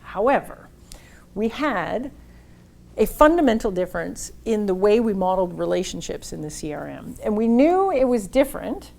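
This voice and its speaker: A woman giving a marketing workshop talk, telling a lively, blunt story and acting out the dialogue. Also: medium pitch, moderate pace, gravelly. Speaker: workshop speaker.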